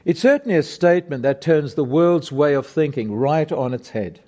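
A middle-aged man preaching a sermon, emphatic and deliberate, putting rhetorical questions to his congregation. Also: on the high side, expressive, warm tone.

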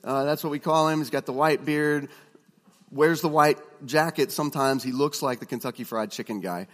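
A man's voice: on the high side, normal speed, fairly bright tone. Man teaching in an echoing hall. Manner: conversational, many fillers and restarts, storytelling asides. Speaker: preaching instructor. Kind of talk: classroom teaching talk.

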